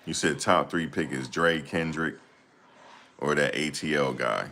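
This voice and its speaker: A man's voice: very deep voice, a little slow, bright, forceful tone. A man hosting a casual stream, reading and answering chat comments in a rambling, slangy way. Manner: rambling, slangy, laughs a lot.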